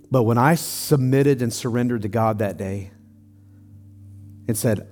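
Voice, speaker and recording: A man's voice: medium pitch, normal speed, darkish tone. A middle-aged man preaching to a congregation with an earnest, heartfelt delivery. His voice sits in an ordinary middle register. He lifts his voice with feeling as he presses his point home. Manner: earnest, building to emotional intensity in a personal story. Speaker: pastor. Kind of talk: sermon.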